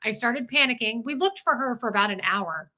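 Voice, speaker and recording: Bright, animated woman telling a story. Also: fairly high pitch, fairly quick. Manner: animated storyteller who acts out quotes. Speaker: livestream co-host. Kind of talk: casual chat storytelling.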